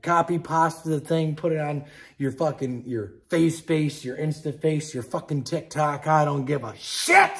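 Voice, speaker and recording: A middle-aged man hosting a podcast, ranting angrily and profanely about politics, dropping from low mutters to outbursts while drinking beer. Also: creaky. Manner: angry, profane, swings between muttering and shouting. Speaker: podcast host.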